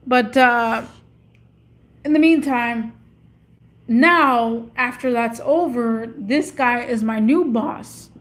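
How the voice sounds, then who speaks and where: Chatty woman with a slightly high voice. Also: takes it slowly, fairly bright tone. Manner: chatty, meandering, searches for words. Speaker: vlogger. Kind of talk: casual rambling monologue. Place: in or beside a parked car.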